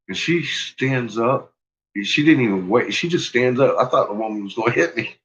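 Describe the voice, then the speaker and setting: A man's voice: mid-range voice, expressive, normal speed, fairly bright tone, lo-fi sound. A man casually telling a personal story, swearing freely and laughing often as he talks.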